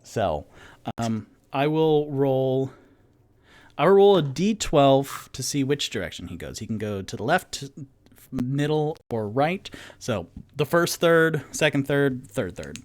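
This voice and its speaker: A young man narrating and running a solo tabletop game, excitable and rambling. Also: medium pitch, slow pace. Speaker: game master and solo player.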